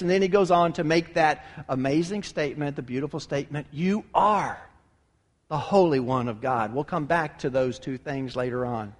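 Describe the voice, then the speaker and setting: A man preaching a sermon with emphatic delivery, rising to loud peaks and dropping low. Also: normal speed. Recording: long hall reverb.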